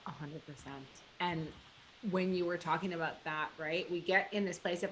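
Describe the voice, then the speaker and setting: Bright, lively woman podcast host. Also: lowish voice, measured pace, a little hiss or hum. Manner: animated, acts out quoted reactions, swears casually. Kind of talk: casual podcast conversation.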